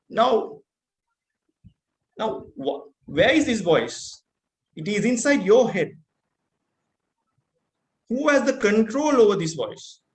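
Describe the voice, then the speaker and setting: A man with a Sri Lankan accent giving a motivational keynote speech, earnest and full of rhetorical questions. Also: high voice. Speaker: keynote speaker. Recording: roomy echo.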